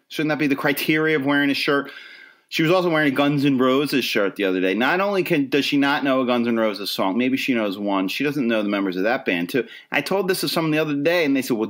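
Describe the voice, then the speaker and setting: A middle-aged man from the Philadelphia area hosts his own podcast, his medium-pitched voice fairly bright. He delivers a casual solo monologue that is wry, rambling, and self-deprecating.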